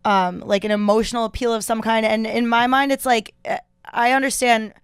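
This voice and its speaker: A woman with a fairly high, clear, smooth voice talks bluntly and swears freely, laughing easily as she chats. The sound is close and dry, as if from a studio mic. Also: steady tone, a little fast, no echo. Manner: blunt, profane, laughs often. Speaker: podcast guest. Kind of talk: casual comedic chat. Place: podcast studio.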